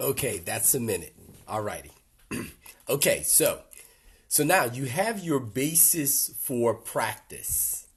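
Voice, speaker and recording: An older man speaking earnestly to a support group in a reflective workshop talk, gently emotional, with pauses. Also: medium pitch, big pitch swings, slightly rough.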